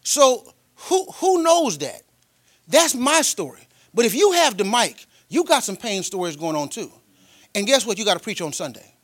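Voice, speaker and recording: A man preaching a sermon as a pastor, telling personal stories in a colloquial way, with delivery that swings from loud and emphatic to quiet and tender. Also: high voice, big pitch swings, normal speed, dry recording, clean studio sound. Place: church.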